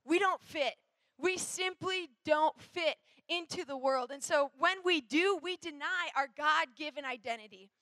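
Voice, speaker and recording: A woman's voice: high voice, a little slow, pushed and bright, dry recording. A woman from Minnesota giving a chatty, rambling youth sermon, full of fillers and asides.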